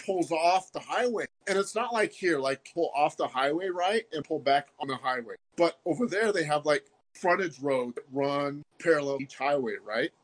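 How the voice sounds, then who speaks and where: A man on a podcast call-in, telling a story in a casual, animated way, full of "like" and "right?". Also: fairly high pitch, normal speed. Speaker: guest.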